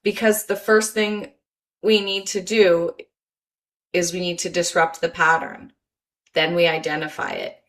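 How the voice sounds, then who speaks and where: A woman's voice: lowish voice, level tone, measured pace, pauses often. A woman presenting a motivational webinar, encouraging and repeating key phrases, reading chat comments aloud over a video call.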